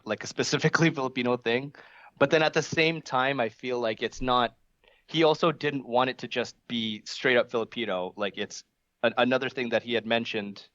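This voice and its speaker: Low-ish guy on a podcast, keeps restarting his sentences, dull dry sound. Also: a bit bright, no echo. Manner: hesitant, many restarts and fillers. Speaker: podcast co-host. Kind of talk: casual discussion.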